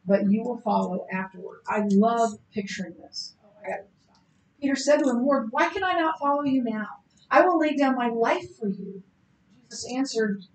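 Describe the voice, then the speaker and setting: A woman teaching a Bible class in a conversational lecture style, chatty and animated, with many fillers and restarts. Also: on the high side, creaky, recorded from a distance. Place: church classroom. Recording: roomy echo with faint background hiss.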